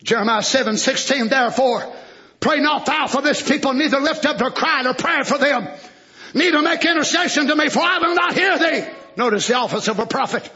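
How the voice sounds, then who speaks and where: A man preaching a fiery sermon, jumping between loud shouting and hushed near-whispers. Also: very high voice, fairly quick, lo-fi sound. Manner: swings from shouting to hushed, plays God's voice in quotes.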